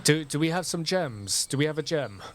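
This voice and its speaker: A man's voice: a little high, lively intonation, brisk, a little hiss or hum, voice pushed up, natural voice. A man voicing a flustered male healer adventurer who bickers defensively. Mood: hurried.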